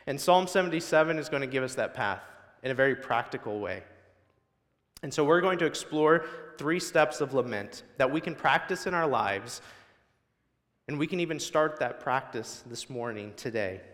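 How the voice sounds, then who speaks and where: A man's voice: medium pitch, expressive, normal speed, fairly bright tone, in a large hall. A male guest preacher delivering a sermon in a church, building emphasis through repetition. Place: church sanctuary.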